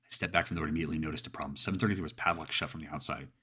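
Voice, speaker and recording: A man narrating a scripted horror story in a steady storytelling manner, with some casual swearing. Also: a bass voice, racing, breathy edge.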